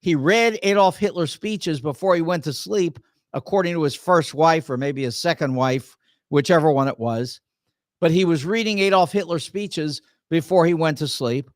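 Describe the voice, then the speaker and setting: A man's voice: fairly high pitch, normal speed, no room sound, studio quality. An older American man hosting a political talk show, delivering an indignant, sarcastic commentary monologue with many restarts and repeated words.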